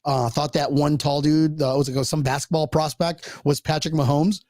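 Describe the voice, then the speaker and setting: A man co-hosting a casual chat show, talking in an animated way, laughing often and restarting his sentences. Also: fairly high pitch, normal speed, no echo, studio quality. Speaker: co-host.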